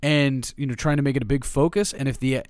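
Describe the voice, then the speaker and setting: A man's voice: mid-range voice, fairly even intonation, quick pace, clean tone, no echo, clean studio sound. A man co-hosting a casual sports podcast, chatty and opinionated as he breaks down draft prospects. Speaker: podcast co-host, draft analyst.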